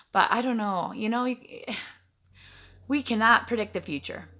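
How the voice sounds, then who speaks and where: Chatty middle-aged woman rambling to her camera at home, bright voice, laughs at herself. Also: medium pitch. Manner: chatty, rambling, self-mocking. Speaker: vlogger. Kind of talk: casual chat to camera. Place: home room in front of a backdrop.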